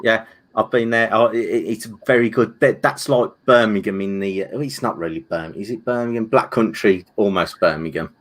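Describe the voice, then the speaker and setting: A man's voice: on the low side, brisk, hardly any pauses, fairly bright tone. A man, co-hosting a casual live chat over a video call, joking and talking in loose, restarting sentences. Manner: chatty and joking, lots of restarts and fillers. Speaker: co-host.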